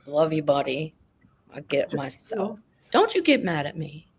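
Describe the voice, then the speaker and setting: A blunt, joking collector trading banter in a casual chat. Mid pitch, loose speech with the odd swear. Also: sing-song, moderate pace, creaky, a little hiss or hum. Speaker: comic collector in group chat.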